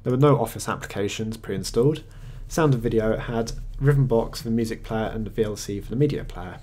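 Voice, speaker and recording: Male tech reviewer, low-ish husky voice, plain matter-of-fact screencast narration with the odd hesitation. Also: a little fast, a little mellow.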